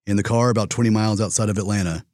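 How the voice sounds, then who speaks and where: A man giving measured scripted documentary narration. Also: on the low side, steady tone, darkish tone, no echo, studio quality.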